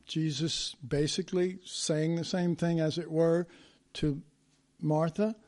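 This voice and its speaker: Guy preaching a sermon, high voice, slow and chatty, acts out the bible bits. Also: fairly even intonation, a little mellow. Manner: conversational, acts out biblical quotes.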